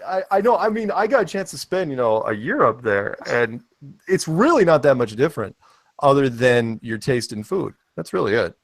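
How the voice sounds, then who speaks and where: An American man hosts an online panel chat in a casual, rambling style, joking and poking fun at himself. His mid-range voice is very animated and moderately paced, captured in a dry recording.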